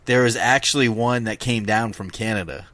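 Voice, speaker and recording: A man's voice: lowish voice, normal speed, a bit bright, no echo. A man co-hosting a casual comic book podcast, chattily recapping the latest news for listeners. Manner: chatty, recapping news, talks over others. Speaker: podcast co-host.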